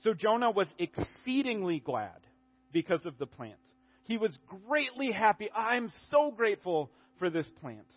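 A man preaching a sermon in a conversational, animated way, often restarting his sentences. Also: sits high, moderate pace, highs cut off.

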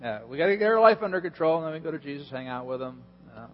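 A man's voice: on the high side, expressive, very fast. A male pastor giving a sermon in a conversational way, chuckling and asking the audience questions. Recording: dull lo-fi in a reverberant hall with hum.

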